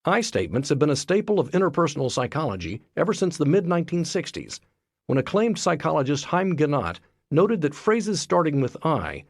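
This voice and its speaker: A man reading a self-help book aloud as scripted narration, in a lively, expressive way. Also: a little high, no echo, clean studio sound. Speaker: audiobook narrator.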